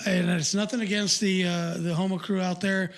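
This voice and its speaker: An older man with a notably high voice co-hosts a podcast in casual chat. He rambles, circling back with fillers and restarts as he goes. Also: level tone, moderate pace, creaky. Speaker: podcast co-host.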